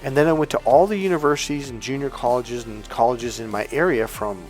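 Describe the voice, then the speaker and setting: A man's voice: mid-range voice, a little fast, faint music behind. Man casually telling a rambling story. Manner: rambling, self-correcting, swears casually, acts out past dialogue. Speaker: dating and relationship coach.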